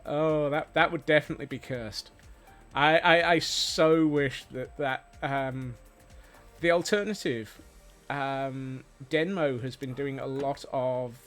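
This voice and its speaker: A man's voice: medium pitch, fairly bright tone. A man chatting casually while streaming a game, rambling and playful, with many fillers and restarts. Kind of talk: casual gameplay chat. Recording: faint music behind.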